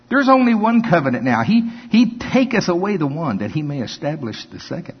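An older man preaching a sermon, reading scripture and breaking into animated, folksy asides. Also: on the high side, a little fast, hardly any pauses, slightly rough. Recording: dull lo-fi with long hall reverb.

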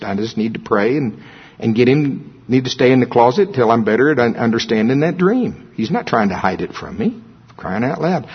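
Husky-voiced male preacher. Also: mid-range voice. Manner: folksy, humorous asides. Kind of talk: sermon. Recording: dull lo-fi recording.

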